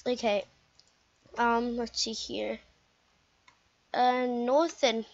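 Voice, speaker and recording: A young woman giving excitable, chatty commentary while playing a game. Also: sits high, a little slow. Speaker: gameplay commentator. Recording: dull lo-fi home mic.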